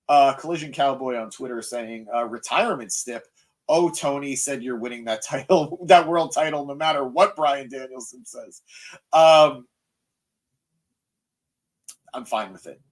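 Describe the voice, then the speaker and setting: A young man hosts a live podcast and riffs on viewer comments. His delivery is excitable and self-mocking, full of jokes and little fillers, and his pitch sits in an everyday middle range. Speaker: podcast host.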